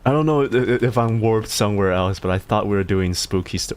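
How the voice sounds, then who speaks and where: A man streaming live, reading viewer submissions, excitable, swearing often and stammering over repeated words. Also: lowish voice, brisk. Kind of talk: casual live-stream chat.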